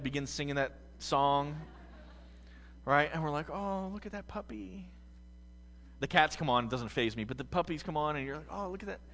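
A man from the United States preaching a sermon as pastor, swinging from quiet musing to loud, fervent passages. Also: medium pitch, in a large hall.

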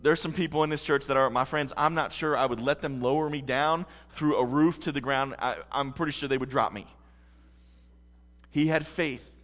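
A man's voice: mid-range voice, steady tone, normal speed, a bit bright, big-room sound. A man preaching a sermon as pastor, earnest and emphatic.

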